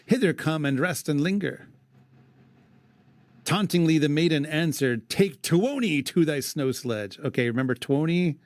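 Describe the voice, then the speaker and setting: A man's voice: on the high side, expressive, unhurried, no echo. A man co-hosting a podcast, reading an old epic poem aloud in a dramatic way and breaking off for wry comments. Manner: dramatic recitation broken by wry asides. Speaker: podcast co-host.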